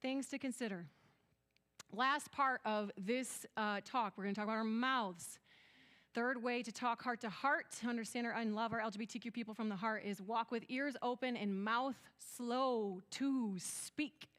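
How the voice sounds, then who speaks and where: A woman's voice: a little high, normal speed, a bit bright. A woman with a West Michigan accent giving a conference talk, earnest and storytelling, acting out bits of dialogue as she goes. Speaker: conference speaker.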